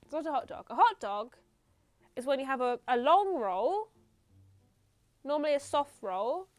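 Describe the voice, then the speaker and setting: A woman's voice: high voice, expressive, normal speed, no room sound. A young woman streaming a video game, chatting playfully with viewers and laughing at herself.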